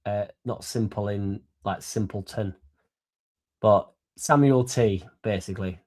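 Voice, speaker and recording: Tipsy, sweary football fan. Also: male voice, lowish voice, measured pace, a little mellow. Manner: rambling, sweary and laddish, laughing between lines. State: a bit drunk. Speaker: fan channel host. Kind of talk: casual livestream chat.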